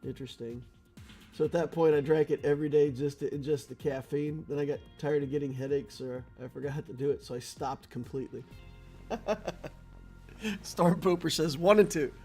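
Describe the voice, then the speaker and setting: A man's voice: fairly high pitch, fairly even intonation, normal speed, mellow, husky. Chatty male game streamer with faint music. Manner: chatty, laughs often, storytelling asides. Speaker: gaming streamer. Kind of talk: casual gameplay commentary and chat.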